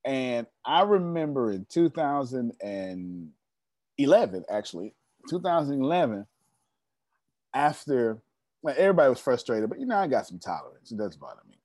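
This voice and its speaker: Young man, motivational speaker, preachy, emphatic, talks to the audience, average pitch, dry. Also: big pitch swings, moderate pace, darkish tone, no echo. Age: young adult. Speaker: motivational speaker leading a members' meeting. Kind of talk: motivational storytelling talk.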